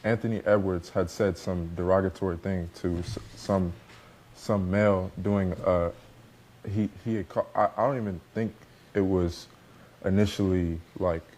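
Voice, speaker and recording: A man on a panel discussion, speaking in a halting, hesitant way with many restarts. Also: sits low, fairly even intonation, a little mellow.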